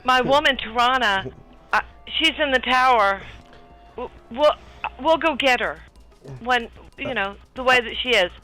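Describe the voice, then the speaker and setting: A man voicing an excitable, lovestruck young adventurer in a tabletop game, with gushing exclamations. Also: very high voice, a little slow, soft background music, pitched above the performer's own voice, exaggerated voice, low-quality recording.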